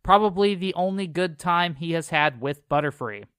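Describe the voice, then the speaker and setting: A man with a smooth, clear, slightly high voice recaps a cartoon episode for a podcast, mixing a read-through summary with sarcastic jabs. The sound is close and dry, with no room around it. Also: animated, normal speed, fairly bright tone, no echo. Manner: sarcastic asides between summary reading.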